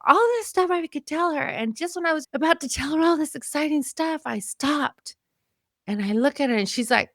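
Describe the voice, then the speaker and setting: Speaking fairly quickly in a high voice, a woman in her fifties from Mexico shares a personal story as a podcast guest. She is earnest and emotional, reliving memories vividly, and the recording is dry and studio quality.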